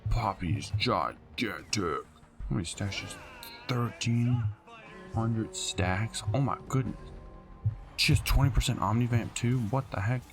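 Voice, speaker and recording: Gamer guy, low gravelly voice, irritated running commentary, game music underneath. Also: unhurried. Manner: exasperated, grumbling at teammates. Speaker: gameplay streamer. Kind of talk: casual gaming commentary.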